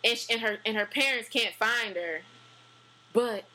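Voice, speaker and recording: A woman chatting casually, animated and full of fillers and restarts. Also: mid-range voice, slow, rough recording. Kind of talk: casual chat.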